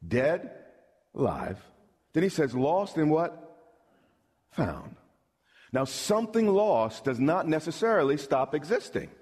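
A man's voice: medium pitch, a little mellow, slightly rough. A middle-aged man preaching a sermon as pastor, emphatic and calling out questions to the congregation. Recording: long hall reverb.

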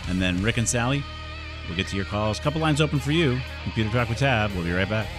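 A man's voice: lowish voice, animated, fast talker, over music. A man hosting a call-in computer radio show, chatty and reassuring with his callers.

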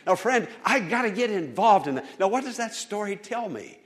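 A fervent male pastor preaching with a lively, swooping delivery and a slightly raised pitch. He drops to hushed storytelling, then rises to loud exhortation. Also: moderate pace. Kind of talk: sermon.

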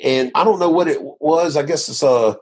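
Husky man telling his testimony. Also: a little high, moderate pace, darkish tone. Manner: earnest, rambling storytelling with many restarts. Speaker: minister sharing his testimony. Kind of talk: conversational interview.

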